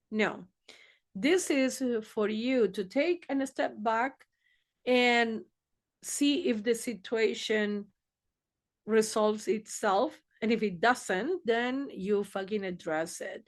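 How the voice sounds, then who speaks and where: Woman therapist talking slow and blunt, swears a lot, kinda high voice. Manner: blunt, swears freely, acts out quoted exchanges. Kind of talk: casual advice monologue.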